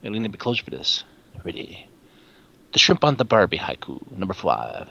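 Podcast co-host, man, animated pitch, dull noisy recording, stammers. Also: vocal fry. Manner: animated, stammering restarts, slow dramatic poem readings. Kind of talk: casual chat. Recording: dull lo-fi recording with background noise.

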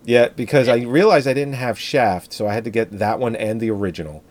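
A man's voice: medium pitch, brisk, darkish tone. A man chatting casually about films, rambling and swearing as he talks. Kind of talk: casual chat.

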